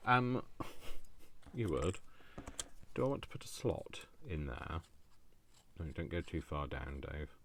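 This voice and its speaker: A man hosting a crafting video, chatting to himself as he works, with jokey asides and a deep voice. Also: sing-song, slow pace, pauses often. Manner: chatty self-talk, addresses himself by name, jokey asides. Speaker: crafting channel host. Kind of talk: thinking aloud while crafting.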